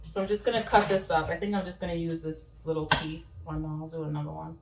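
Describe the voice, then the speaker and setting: A woman's voice: sits low, level tone, quick pace, vocal fry, heavy background noise. A young woman chatting casually while she cooks in a home kitchen, rambling with fillers and restarts. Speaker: cooking vlogger. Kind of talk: casual cooking chat. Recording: roomy sound from a distance.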